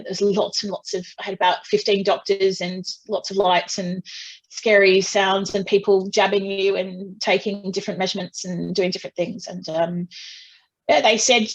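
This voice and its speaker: A woman's voice: mid-range voice, highs cut off. A woman guest in an interview, frankly recounting a personal ordeal with restarts, fillers and dry self-deprecating humor. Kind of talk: candid personal storytelling.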